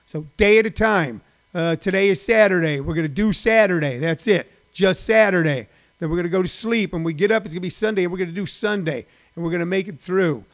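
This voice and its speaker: A man's voice: sits high, fairly quick. A middle-aged man, a former stand-up comic, hosting a casual live stream from home, rambling and chatty with lots of fillers.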